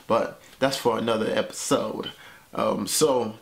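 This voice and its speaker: A man's voice: on the low side, fairly even intonation, unhurried, vocal fry. A young man telling a personal story to the camera in a loose, conversational way, dropping lots of "man" and "you know what I'm saying.". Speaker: vlogger.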